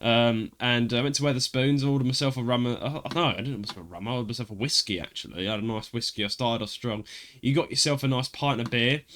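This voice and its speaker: A young man with an East London accent, hosting a relaxed podcast chat, talkative and laughing often. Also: medium pitch, quick pace. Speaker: podcast host. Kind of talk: casual chat.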